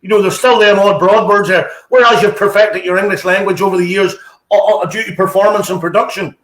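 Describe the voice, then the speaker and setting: A man's voice: high-pitched, fairly even intonation, a little fast, a bit bright, echoey room, rough recording. A man with a Northern Irish accent interviewing a guest in a casual chat, and he fills his talk with "you know". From Ballymena, Northern Ireland.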